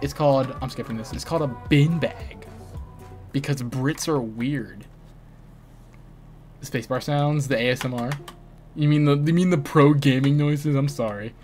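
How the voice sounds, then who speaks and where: A man's voice: mid-range voice, normal speed, long pauses, darkish tone. A young American man streaming a game, teasing his chat and friends in casual banter. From United States. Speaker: gaming streamer. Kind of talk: casual live-stream chatter while playing. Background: faint music and keyboard typing.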